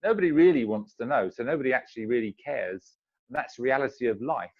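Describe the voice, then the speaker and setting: A man's voice: mid-range voice, lively intonation, fast, highs cut off. A man, a guest on a video call, chatting casually and acting out little everyday exchanges. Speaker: interview guest. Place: home in Zambia.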